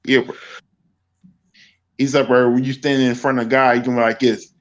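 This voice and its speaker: A man chatting casually, pausing with frequent ums as he retells jokes. His voice sits in the middle of the range. The recording sounds dull and lo-fi. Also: medium pitch, level tone. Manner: hesitant, many ums. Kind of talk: casual chat.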